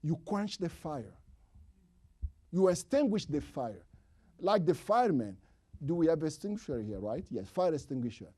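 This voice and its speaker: Husky high-voiced preacher guy, sermon, swoops all over from loud to a hushed whisper. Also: big pitch swings, moderate pace, pauses often. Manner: swings from loud emphatic calls to hushed whispers; non-native English phrasing, repeats for emphasis.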